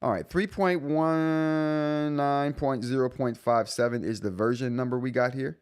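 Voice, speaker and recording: A man's voice: medium pitch, steady tone, measured pace, darkish tone, clean tone. A man in his forties hosting a live tech stream, talking casually, rambling and correcting himself, often laughing. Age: 40s. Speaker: tech show host.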